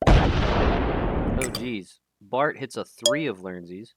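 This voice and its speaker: Over loud music and heavy background noise, a very animated tournament caster speaks slowly at a medium pitch. He's casual and chatty on the live game stream, though he often stumbles over names.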